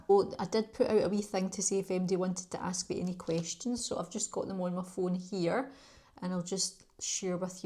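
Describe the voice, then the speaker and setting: A woman's voice: mid-range voice, dark tone. A middle-aged Scottish woman from Glasgow, chatting in a rambling, friendly way and laughing between thoughts as she answers viewer questions in a beauty vlog. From Scotland. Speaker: beauty YouTuber.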